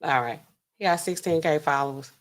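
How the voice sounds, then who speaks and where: A woman's voice: low-pitched, a little fast. A woman hosting a casual livestream as a pharmacist, chatting with her viewers in a sassy, incredulous way. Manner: chatty, sassy, talks to chat, laughs incredulously.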